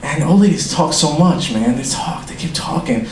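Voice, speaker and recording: A man's voice: on the high side, lively intonation, normal speed, few pauses, darkish tone, a little hiss or hum. Rambling young man doing stand-up, echoey room. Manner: rambling, swears a lot, laughs at own jokes. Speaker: stand-up comic. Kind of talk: amateur stand-up set. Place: small room with an audience. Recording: echoey room, faint ambience.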